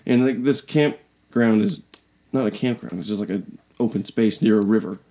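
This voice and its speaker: A man's voice: fairly low pitch, normal speed, warm tone. A young man from western Canada telling a rambling, comedic camping story on a podcast, acting out the voices of people he met. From British Columbia, Canada. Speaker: podcast co-host.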